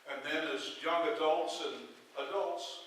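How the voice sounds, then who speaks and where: A man's voice: fairly high pitch, measured pace, a bit bright, slight background noise. A man preaching a sermon as pastor, telling folksy stories with a joke's timing. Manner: folksy storytelling with joke delivery. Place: church sanctuary. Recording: echoey church hall from far off.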